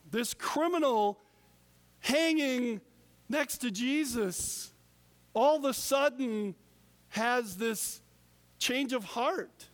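A man preaching a sermon as pastor, deliberate with emphatic pauses. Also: extremely high pitch, long reverb tail.

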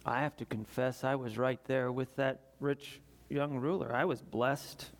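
A man preaching a sermon in an earnest way, moving between loud urgent passages and quiet confessional ones. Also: mid-range voice, steady tone, unhurried.

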